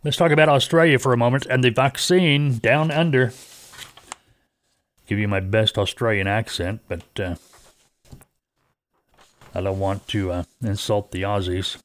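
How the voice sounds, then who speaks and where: A man's voice: fairly low pitch, steady tone, unhurried, pauses often. Folksy man hosting a trucking podcast. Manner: rambling, folksy, many fillers and restarts. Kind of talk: casual podcast talk.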